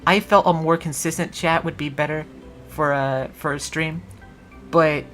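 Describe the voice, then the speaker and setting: A woman's voice: sits low, steady tone, measured pace, fairly bright tone, soft background music. A woman streamer chatting casually on a livestream, rambling in a wry, sarcastic way.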